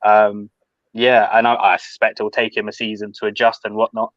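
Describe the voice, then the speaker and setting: A man speaking as a panelist on a casual football podcast, measured and explanatory. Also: fairly low pitch, flat delivery, a bit bright, no room sound. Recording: dry, dull lo-fi mic.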